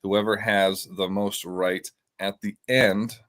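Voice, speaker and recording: Hosting a casual slang quiz among friends, this man jokes around and keeps restarting his sentences. His voice is lowish and a bit bright, with a level tone and a slow pace.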